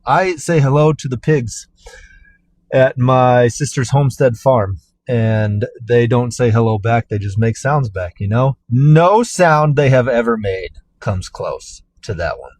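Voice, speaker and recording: Slow, dry-sounding deadpan man. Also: mid-range voice, dry recording. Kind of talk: casual chat.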